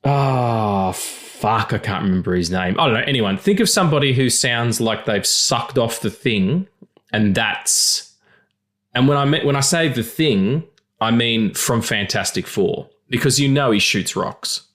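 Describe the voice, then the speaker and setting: A man hosts a podcast in loose, profane banter, his voice swooping up and down as he riffs. A little gravel lingers from a recent loss of voice. He talks with quick restarts and laughing asides. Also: mid-range voice. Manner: animated, crude, jokey, with restarts. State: slightly gravelly voice after losing it. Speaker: podcast host.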